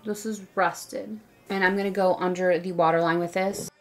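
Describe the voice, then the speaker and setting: A woman's voice: on the low side, steady tone, normal speed. A young woman chatting casually through a makeup tutorial, rambling and saying "like" a lot. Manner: chatty, rambling, says "like" often. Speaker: beauty vlogger.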